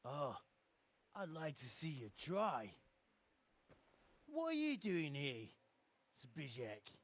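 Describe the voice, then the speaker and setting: An actor voicing a cocky young village troublemaker in a video game, taunting and mocking. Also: male voice, fairly high pitch, big pitch swings, slow pace, full character voice. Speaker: game character.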